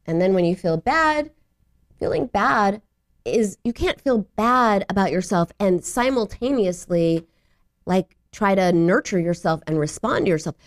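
A middle-aged woman speaks from a studio in a chatty, advice-giving way. Her pitch swings widely as she slips into quick imitations of other people. She sounds easygoing and a little self-mocking. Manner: acts out little voices and quotes with lively pitch jumps. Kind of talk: advice talk on self-compassion.

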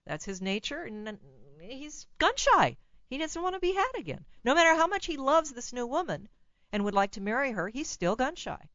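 A woman hosting a call-in radio show as a psychologist, giving blunt, animated advice and laughing at her own remarks. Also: high-pitched, moderate pace, dry recording, muffled recording.

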